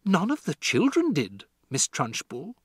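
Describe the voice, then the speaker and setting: A man voicing a calm, gentle schoolteacher. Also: on the high side, breathy edge, dry recording, studio quality, pitched above the performer's own voice, full character voice. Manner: calm, measured. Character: gentle young female schoolteacher, calm and steady. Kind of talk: audiobook character voice.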